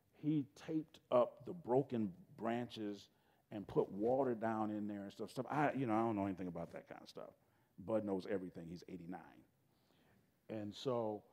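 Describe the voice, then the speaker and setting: A middle-aged man, a guest speaker telling a homespun story to students in a folksy, animated way, often breaking off and restarting his sentences. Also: lowish voice. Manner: folksy, animated, self-interrupting, casual grammar. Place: school event space. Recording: long hall reverb.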